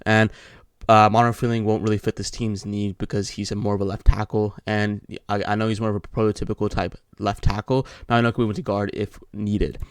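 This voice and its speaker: Young man, low voice, very quick, rambling draft talk, dry sound. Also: level tone, smooth, no room sound. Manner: rambling, repeats words and restarts often. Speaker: sports commentator. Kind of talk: casual solo mock draft commentary.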